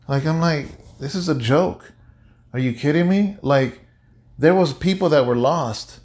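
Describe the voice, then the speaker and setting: A male pastor giving an animated, conversational sermon-like talk, often repeating himself. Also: fairly high pitch, normal speed. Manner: animated, repetitive, conversational preaching. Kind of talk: casual sermon-like chat.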